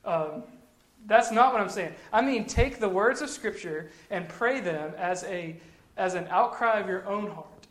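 A man's voice: high voice, a little slow, fairly bright tone. A man giving casual devotional teaching, talking in a conversational way and repeating phrases for emphasis. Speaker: Christian teacher. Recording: echoey room.

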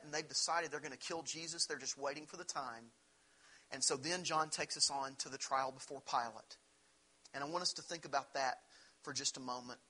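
Husky bright-voiced male preacher. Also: a little high, poor audio. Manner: earnest preaching, rises for emphasis, quotes scripture dramatically. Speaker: pastor. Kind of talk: sermon.

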